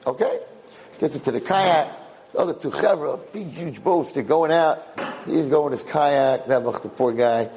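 A man lecturing and telling a parable in an animated way, mixing in Yiddish words. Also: a little high, moderate pace, breathy edge, rough recording. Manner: animated storyteller, Yiddish-sprinkled. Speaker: Jewish lecturer.

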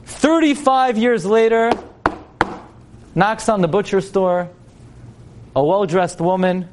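Animated male religious teacher, high voice, dramatic storyteller. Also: unhurried, long pauses, slight background noise. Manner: animated, dramatic, addresses listeners directly. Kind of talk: storytelling lesson.

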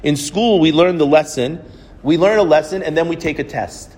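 A man's voice: a little high, normal speed, darkish tone, in a large hall. A male rabbi giving a reflective, storytelling sermon. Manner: storytelling, reflective, quotes others at length.

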